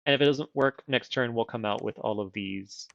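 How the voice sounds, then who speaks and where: A rambling man streams a strategy game and thinks out loud, poking fun at himself as he goes. His voice is gravelly and his speech slightly affected by dental retainers. The mic sounds dry and a little dull. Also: medium pitch, normal speed, dry recording. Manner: rambling, self-deprecating, thinks aloud. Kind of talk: casual game livestream chat.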